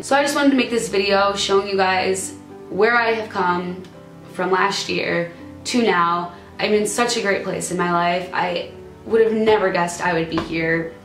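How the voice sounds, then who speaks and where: A woman's voice: fairly low pitch, roomy sound. A young woman vlogging about her own past, earnest and fighting back tears as she reads and talks to her viewers. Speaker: YouTuber. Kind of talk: emotional personal vlog. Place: room at a computer or camera.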